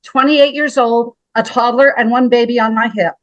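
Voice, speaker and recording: Woman in her 70s from montana, big dramatic storyteller, guest on an interview, higher voice. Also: fairly even intonation, moderate pace, no room sound, highs cut off. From Montana, USA. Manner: dramatic, emphatic storytelling, often addresses the host by name. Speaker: guest, health practitioner.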